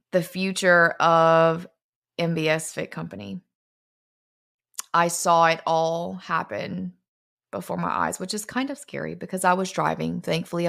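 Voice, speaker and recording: Woman in her forties, slightly low voice, heartfelt personal storytelling, vlog. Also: creaky. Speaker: fitness brand founder.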